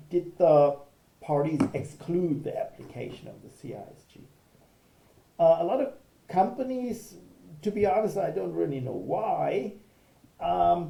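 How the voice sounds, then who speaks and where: A man's voice: a little high, vocal fry, mellow, roomy sound, poor audio. A man, a law professor giving a recorded video lecture, explaining step by step and checking in with "okay".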